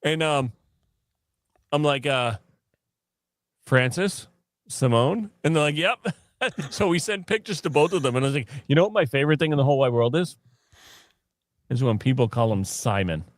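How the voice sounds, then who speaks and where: A man co-hosting a casual podcast, telling stories in an animated way, laughing often and mimicking other people. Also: medium pitch, moderate pace, long pauses. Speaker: podcast co-host. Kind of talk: casual chat.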